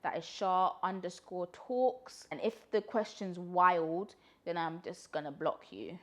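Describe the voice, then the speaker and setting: Chatty young woman, low voice. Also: measured pace. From London, UK. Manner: chatty, rambling, frequent laughs and fillers. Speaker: vlogger. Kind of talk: casual Q&A monologue.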